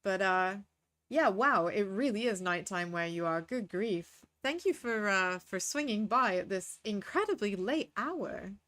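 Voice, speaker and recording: A woman's voice: mid-range voice, expressive, unhurried, fairly bright tone. A woman streaming a game, chatting with her viewers as she plays. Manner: chatty, talks to chat between reading game lines. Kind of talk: casual game commentary.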